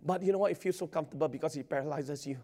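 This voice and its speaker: A male pastor, preaching a sermon in an excitable way, repeating words and laughing often. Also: on the high side, racing. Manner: excitable, stammering repetitions, frequent laughter.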